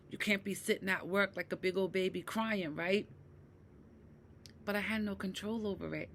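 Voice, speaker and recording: Woman in her fifties, unhurried personal talk, bright tone, emphatic and often asking "right?". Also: a little hiss or hum. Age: 50s. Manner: swings from low and quiet to loud and heated. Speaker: mental health vlogger.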